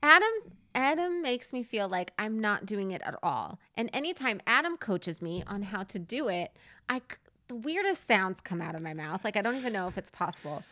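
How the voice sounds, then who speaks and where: A woman's voice: medium pitch, sing-song, moderate pace, sharp tone, dry recording. A woman co-hosting a movie podcast, chatting casually, giggling and trailing off as she rambles. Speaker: podcast co-host. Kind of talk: casual chat.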